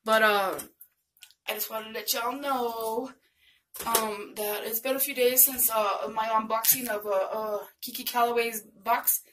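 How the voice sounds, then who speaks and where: Bright-voiced older woman, gushing and slangy. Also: fairly high pitch, steady tone, unhurried. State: voice a bit off, hoarse. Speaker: vlogger. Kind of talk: casual vlog chat. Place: home, indoors. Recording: mic at a distance, faint noise.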